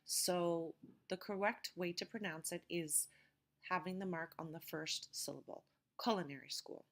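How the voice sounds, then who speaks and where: Female instructor, lower register, clear deliberate pronunciation drills for a lecture. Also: steady tone. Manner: slow, careful pronunciation drills. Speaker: teacher. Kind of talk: recorded vocabulary lecture.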